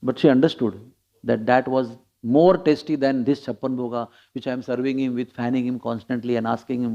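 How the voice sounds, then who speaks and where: Animated preacher. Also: male voice, medium pitch, brisk. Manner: storytelling, chuckling, acts out quotes. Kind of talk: scripture class sermon. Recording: dull lo-fi recording.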